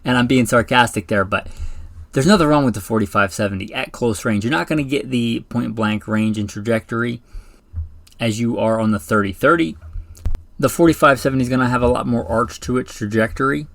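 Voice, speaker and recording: A man's voice: medium pitch, brisk, gravelly, fairly bright tone, no echo. A man hosting a firearms show, talking casually and enthusiastically, rambling a little and correcting himself. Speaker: firearms podcast host. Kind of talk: casual solo talk about rifles.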